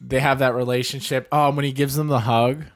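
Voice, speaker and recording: A man's voice: medium pitch, little pitch movement, brisk, no echo. Chatty man, dry close sound. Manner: chatty, swears casually. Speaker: podcast co-host. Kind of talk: casual chat.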